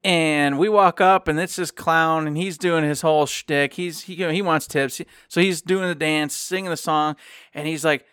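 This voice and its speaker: A man from Michigan, co-hosting a podcast and telling a rambling, animated story in casual chat, acting out the people he quotes. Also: a little high, normal speed, clear, resonant tone, no echo, clean studio sound. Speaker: podcast co-host.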